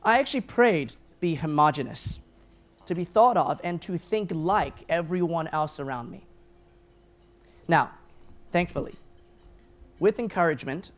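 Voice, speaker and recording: A man delivers a keynote speech at a lunch gathering. He tells a personal story earnestly and pokes fun at himself. His voice sits a little high and is picked up by a podium microphone. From grew up in Taiwan, New Zealand and the United States. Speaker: keynote speaker. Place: event hall at a lunch gathering.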